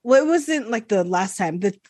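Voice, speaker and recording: A woman telling a story in casual chat with friends, animated and acting out quotes. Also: medium pitch, normal speed, dry recording, clean studio sound.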